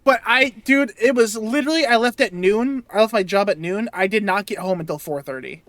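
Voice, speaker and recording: A young man, a podcast co-host, telling a story in casual chat, animated and swearing as he vents. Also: high-pitched, fairly quick, no room sound.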